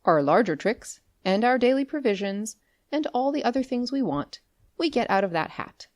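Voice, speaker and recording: A courteous, mysterious magic shopkeeper speaks with a lively, rolling delivery, as a woman reads him. His voice is lowish and close, heard dry with no room echo. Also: normal speed, lightly acted. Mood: polite, mysterious. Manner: polite, courteous. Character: smooth, affable male magic shopkeeper, mysterious.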